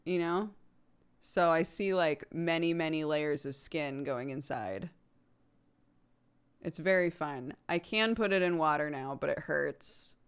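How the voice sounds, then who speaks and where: Young woman rambling to her stream chat, lowish voice, really smooth. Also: a little slow. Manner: chatty, rambling with fillers, laughs often. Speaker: streamer host.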